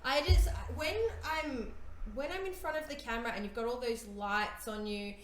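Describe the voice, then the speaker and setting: A woman's voice: a little high, steady tone, normal speed. A woman co-hosting a podcast, chatting casually, backing up her co-host and laughing often. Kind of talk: casual chat. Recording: echoey room with faint noise.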